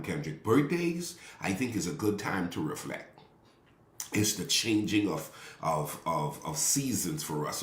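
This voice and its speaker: A man preaching a sermon to his congregation in a loose, conversational way, repeating phrases and calling out people by name. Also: sits low. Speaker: pastor. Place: church sanctuary. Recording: echoey room.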